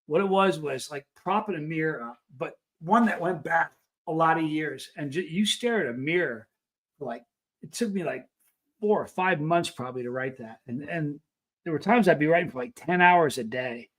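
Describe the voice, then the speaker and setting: A man's voice: fairly high pitch, moderate pace, a bit bright. Earnest, rambling man hosting a livestream. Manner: earnest, rambling, with many restarts. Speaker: livestream host. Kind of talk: casual chat reading live comments.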